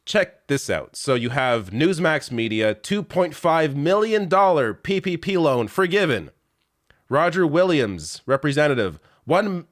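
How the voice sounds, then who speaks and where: A man's voice: a little high, a bit bright, no echo, studio quality. A man hosting a political commentary show, talking in an exasperated, sarcastic way and rattling off lists of names and figures.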